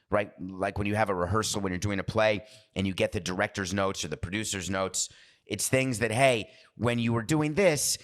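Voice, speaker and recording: Fairly low-pitched yet fairly bright, the male podcast host rambles casually from one tangent to the next, constantly breaking into his own train of thought.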